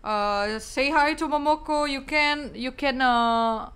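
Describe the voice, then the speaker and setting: A woman's voice: high voice, takes it slowly, fairly bright tone. A young woman with an Indonesian accent, a game streamer chatting casually and rambling through her sign-off, repeating words and goodbyes.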